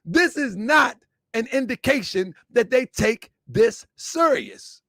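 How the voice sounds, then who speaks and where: High-voiced man mocking in lively commentary. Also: takes it slowly, dry recording, studio quality. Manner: mocking, laughs often, rhetorical questions. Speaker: online commentator.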